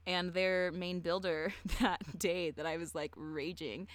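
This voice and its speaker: A young woman co-hosting a podcast, telling a story in a chatty, profane way, full of "like" and quick laughs. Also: fairly low pitch, fairly even intonation, no echo. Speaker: podcast co-host. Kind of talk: casual chat.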